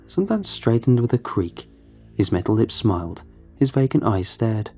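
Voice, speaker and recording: A man giving a measured, somber scripted horror narration. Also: on the low side, big pitch swings, a little mellow, husky, soft background music.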